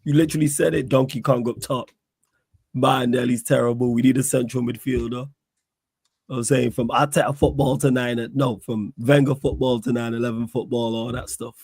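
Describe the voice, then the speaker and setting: Man co-host, casual chat, husky voice, dry sound. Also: mid-range voice, little pitch movement, darkish tone, no room sound. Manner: teasing, quick interjections. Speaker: podcast co-host.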